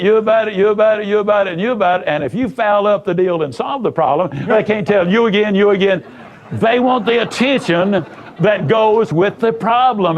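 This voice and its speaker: Emphatic, high-voiced motivational speaker, man. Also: highs cut off. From United States. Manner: emphatic and folksy, with repetitions and acted-out dialogue. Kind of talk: motivational speech with storytelling.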